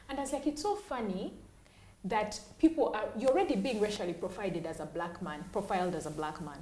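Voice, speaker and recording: A woman's voice: mid-range voice, brisk, a little mellow. A woman co-hosting a podcast, giving emphatic advice and repeating her key phrases. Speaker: podcast co-host. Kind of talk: casual chat. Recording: roomy echo.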